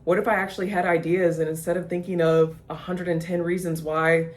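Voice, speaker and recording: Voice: mid-range voice, flat delivery, a little fast. A vlogger on the verge of tears, rambling in an unscripted confessional rant full of restarts and self-questioning. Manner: soft-spoken confessional tone, near tears. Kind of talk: unscripted emotional vlog rant.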